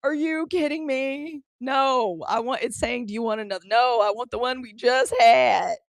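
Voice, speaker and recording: A woman's voice: on the high side, moderate pace, vocal fry, no room sound, clean studio sound. An American woman hosting a live stream, chatting casually with viewers and talking through the app controls as she goes. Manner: chatty, fumbling aloud with app controls, addressing viewers as y'all. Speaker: livestream news host.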